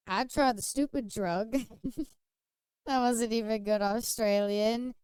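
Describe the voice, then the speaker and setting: A woman's voice: a little high, slow, long pauses, a little hiss or hum, rough recording. A woman streaming a game, chatting casually, laughing often and bantering with chat. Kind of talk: casual livestream chat while gaming.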